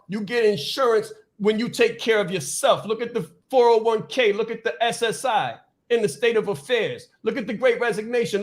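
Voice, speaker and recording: A man hosting a podcast, giving a fast, emphatic motivational talk, repeating his points and stumbling over words without stopping. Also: high voice. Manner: fast, repetitive, emphatic preaching. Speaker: podcast host and business coach. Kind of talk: motivational speech.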